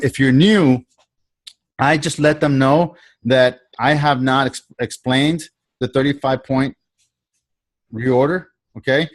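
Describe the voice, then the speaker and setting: A man coaching a sales trainee on a video call, talking in a casual, repetitive way and acting out the lines he quotes. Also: mid-range voice.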